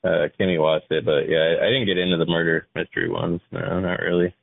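A man's voice: sits low, fairly even intonation, a little fast, gravelly, dry recording, narrow, tinny audio. A man on a podcast giving short, laid-back replies in casual chat. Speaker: podcast co-host.

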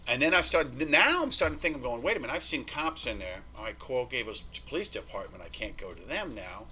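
A man telling his story as a podcast guest, animated and swearing, acting out what people said to him. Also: mid-range voice, fast talker, husky. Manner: animated, swearing, acts out quoted dialogue. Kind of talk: storytelling interview.

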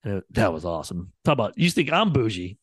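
Fairly low and very animated, with a breathy edge, his voice moves quickly. He is a radio producer chatting casually on a podcast, rambling through stories and acting out what people said, in clean studio sound with no room tone.

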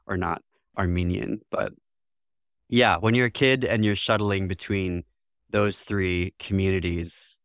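Man, from michigan, interview guest, reflective, laughs often, fairly low pitch, dry recording. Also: steady tone, measured pace, fairly bright tone, no room sound. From Northwest Lower Michigan, US. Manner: thoughtful, laughs often, acts out quoted voices.

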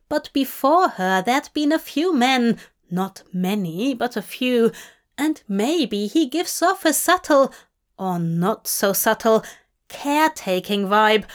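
A woman reading a fanfic aloud as audiobook narration, in a measured, intimate way. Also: on the high side. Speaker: fanfic reader.

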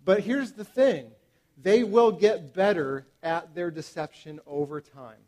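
A man in his thirties preaching to parents, animated and emphatic, with frequent fillers and restarts. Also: high voice, unhurried. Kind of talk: sermon to parents.

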